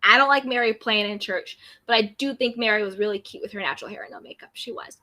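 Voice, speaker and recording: Woman chatting live with viewers, bright tone, answers comments one by one. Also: fairly high pitch, quick pace. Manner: chatty, animated, reads viewer comments aloud and answers them. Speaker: YouTube recap host reading live chat. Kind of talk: casual chat.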